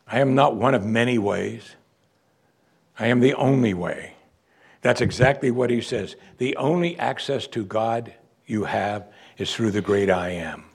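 A man preaching a sermon, his voice husky and a little breathy. He reads scripture aloud and then drives each point home with emphatic, deliberate phrasing. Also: on the low side. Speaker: pastor.

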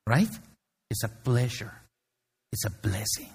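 A man's voice: lowish voice, expressive, unhurried, gravelly, a little mellow, breathy edge. A middle-aged man preaching a sermon in a conversational way, telling a story with many fillers and restarts. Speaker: pastor.

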